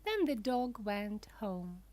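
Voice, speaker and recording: A woman narrating a children's storybook for language learners in a careful, deliberate way. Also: medium pitch, big pitch swings, a little mellow.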